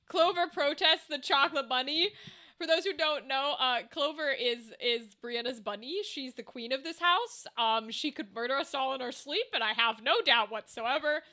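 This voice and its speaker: A woman's voice: sits high, expressive, unhurried, pushed and bright. A young woman streaming, chatting casually and rambling to her viewers, humming and singing little tunes to herself between thoughts. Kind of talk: casual live-stream chat.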